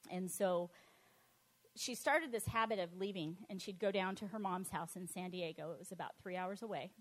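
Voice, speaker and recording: A woman, middle-aged, telling her personal testimony in a lively, animated way, laughing often and acting out the voices she quotes. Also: lowish voice, moderate pace.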